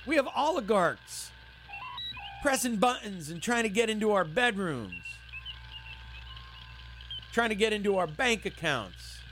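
A man's voice: sits high, very animated, a little slow, long pauses, fairly bright tone, a little hiss or hum. A man hosting a radio show, ranting sarcastically and heatedly, swearing freely. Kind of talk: casual ranting monologue. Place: San Francisco.

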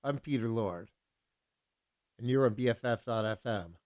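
A man's voice: mid-range voice, moderate pace, darkish tone. A man working as a radio DJ, announcing songs and then ranting indignantly, with a lot of repetition. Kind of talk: casual radio DJ talk.

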